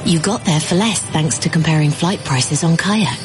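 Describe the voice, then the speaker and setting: A woman's voice: sits low, lively intonation, normal speed, over music. A woman reading a scripted travel advert in a breezy, selling manner. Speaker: advert voice-over.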